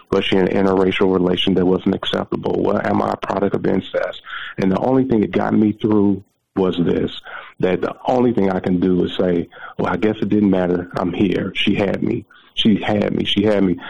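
A man's voice: sits low, vocal fry, a little mellow, slightly rough. A man in his forties telling a personal story as a guest, emotional and repeating his words, heard over a muffled phone line. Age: 40s. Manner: emotional, repeats words, preacherly near the end.

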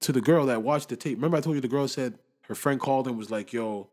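A young man in casual chat, talking with lively swings between loud bursts and low mutters, full of street slang. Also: quick pace.

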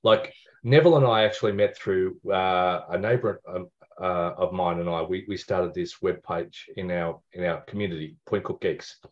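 A man's voice: low-pitched, normal speed. A man with an Australian accent, a podcast co-host who rambles and chuckles through casual chat. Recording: dull lo-fi sound.

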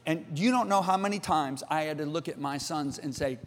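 A middle-aged man preaching a sermon, emphatic and theatrical, jumping from shouts to hushed asides. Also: fairly high pitch, a little fast, few pauses, long reverb tail.

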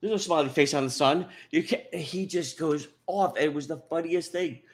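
A man, co-hosting a crude, rambling comedy podcast, swearing often and jumping from mumbles to shouts. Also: fairly high pitch, normal speed. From New York. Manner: profane, rowdy, swings from mumbling to shouting. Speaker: podcast co-host.

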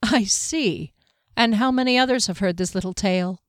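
A woman reads a steely young woman warrior in an audiobook, calm and clipped, giving short commands. The voice is close and dry, at an ordinary middle pitch. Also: normal speed, smooth, no echo, close to an everyday voice. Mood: cold.

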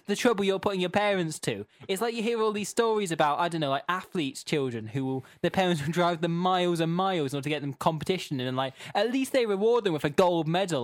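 A man's voice: high voice, no echo, clean studio sound. Sarcastic man, laughing recap. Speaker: podcast co-host. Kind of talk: comedic recap chat.

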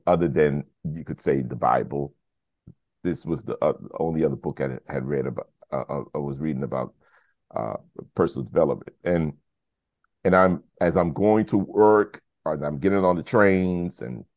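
As a guest on a podcast, an American man with a low-pitched voice animatedly tells a casual story, performing the dialogue and filling it with "you know" and other fillers. The audio is muffled with no echo.

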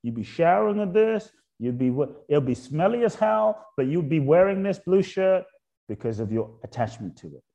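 A man with a slightly high, warm, mellow voice reflects aloud as a guest in a spiritual conversation. His pitch moves in lively sweeps as he keeps returning to rhetorical questions. On his key points he drops soft and slow. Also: creaky, lo-fi sound. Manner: poses repeated rhetorical questions.

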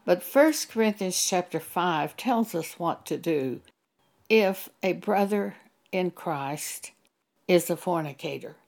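A woman giving an earnest, measured sermon-style testimony and quoting scripture. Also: lowish voice, animated, gravelly, a little mellow.

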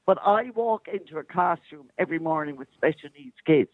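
A woman's voice: low-pitched, animated, fairly quick, no echo. A woman calling in to a radio show, a special needs assistant speaking passionately and insistently. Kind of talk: phoned-in radio debate. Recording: tinny phone line.

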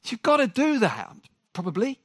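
A man preaching a sermon to a congregation. He jokes with the room and talks in an animated way. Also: very high-pitched, moderate pace, breathy edge, dry recording, studio quality.

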